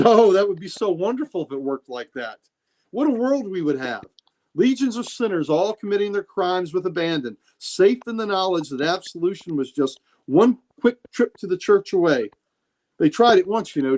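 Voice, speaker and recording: A man voicing a gentle, earnest former priest mutant, soft-spoken and questioning. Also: high-pitched, expressive, fairly quick, pitched above the performer's own voice. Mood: earnest, searching.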